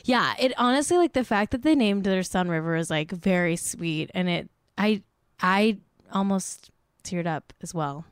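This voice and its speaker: A woman's voice: medium pitch, animated, a little slow, clear, resonant tone, no echo. Young woman host, gossipy + self-mocking, lots of "like", dry close mic. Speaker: podcast host. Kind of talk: casual celebrity gossip chat.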